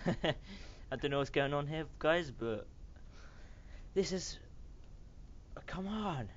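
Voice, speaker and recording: Brit guy yelling at other players over a game, voice swoops all over, talks slow. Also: a little high, lo-fi sound, a little hiss or hum. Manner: excitable, swears at other players in mock rage. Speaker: gaming channel host. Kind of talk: gameplay commentary.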